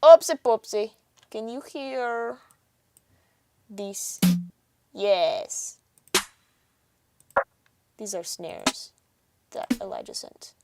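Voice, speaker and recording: A woman's voice: mid-range voice, expressive, extremely slow, gravelly, long pauses. A woman producing music on a livestream, chatting casually and reacting with jokes. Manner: chatty, jokey, reacts loudly to sounds. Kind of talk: casual livestream chat, reading chat aloud.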